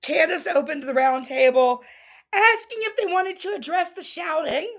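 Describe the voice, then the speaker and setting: A woman hosting a casual livestream recap, reading quotes aloud with animated emphasis and laughing often. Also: very high-pitched, moderate pace. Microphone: streaming setup mic.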